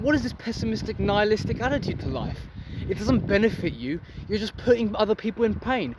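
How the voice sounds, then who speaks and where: A man's voice: sits high, lively intonation, fast, hardly any pauses. A young man giving a blunt, profane motivational rant outdoors for his vlog. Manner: intense, profane, preachy. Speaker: vlogger. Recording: loud street traffic noise.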